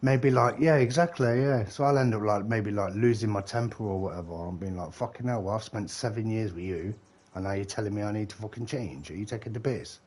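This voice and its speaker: A man's voice: fairly low pitch, brisk, darkish tone. Forties man, gamer, chatty and swearing, frequent laughter. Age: 40s. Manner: rambling, laughs often, swears. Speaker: game streamer. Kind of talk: casual chat.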